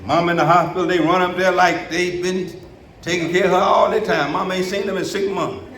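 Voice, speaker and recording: A middle-aged man preaching a sermon in a church with a somewhat high voice, swinging from low, quiet stretches to shouted bursts. He is heard from a little way off the mic, and the room echoes around him over a faint hum. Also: fairly even intonation, brisk, distant mic. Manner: preaching with sudden shouted peaks and colloquial speech. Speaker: pastor. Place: church sanctuary.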